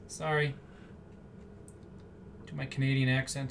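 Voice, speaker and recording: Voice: medium pitch, unhurried, fairly bright tone. A card-break host chatting casually and rambling off-the-cuff while opening packs on a live stream. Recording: slightly distant mic, faint background hum.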